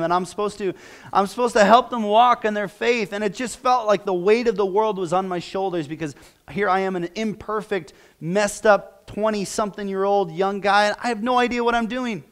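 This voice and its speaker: A male pastor preaching a sermon in a church, emotional and close to tears as he prays aloud. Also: high-pitched. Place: church sanctuary.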